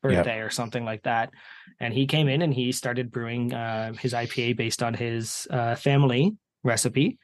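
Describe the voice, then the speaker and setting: A man with a Canadian accent, a podcast host who shares trivia in relaxed casual chat. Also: medium pitch, moderate pace.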